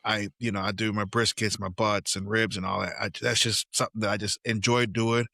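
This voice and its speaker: Bright-voiced man telling family stories. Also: fairly low pitch, brisk, gravelly, no echo, studio quality. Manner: animated, acts out quoted dialogue. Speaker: podcast co-host. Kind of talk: casual storytelling chat.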